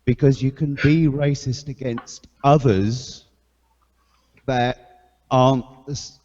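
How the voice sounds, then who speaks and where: A man on a group voice call, talking in a slow, measured way through a mic with a radio-style filter. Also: mid-range voice, steady tone, darkish tone. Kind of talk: casual group chat over voice call. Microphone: voice-chat microphone with a radio filter setting. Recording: lo-fi with long reverb.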